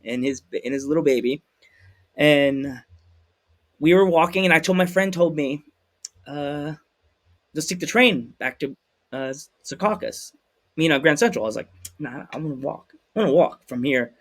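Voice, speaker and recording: A man hosting a podcast, telling a story in a lively, animated way and acting out the people in it. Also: fairly high pitch, moderate pace, long pauses. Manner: animated, acts out voices in anecdotes. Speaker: podcast host. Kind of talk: casual storytelling chat.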